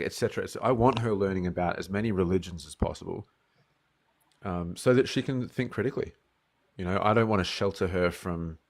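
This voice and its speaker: An Australian man with a notably low, deep voice, talking over a video call. He chats easily and jokes, and when a serious question comes he lays out his view in a steady, measured way. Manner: easygoing, joking, then measured when explaining. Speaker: guest. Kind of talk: casual Q&A conversation.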